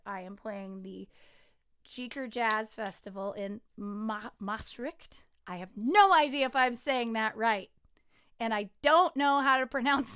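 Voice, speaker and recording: A smooth, clear-voiced woman pitched a little high chats on a casual livestream. She is a singer-songwriter, excitable and giggly, and rambles from one thought to the next.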